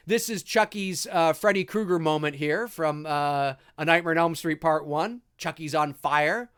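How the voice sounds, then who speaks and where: A man hosting a live movie commentary, talking in an animated, enthusiastic and rambling way. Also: fairly high pitch, moderate pace, few pauses, smooth. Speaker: host.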